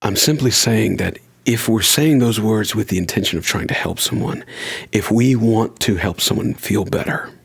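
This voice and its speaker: Man, podcast host, conversational, earnest, husky voice. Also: on the low side. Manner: earnest, conversational, speeds up and slows down for emphasis. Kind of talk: solo podcast monologue.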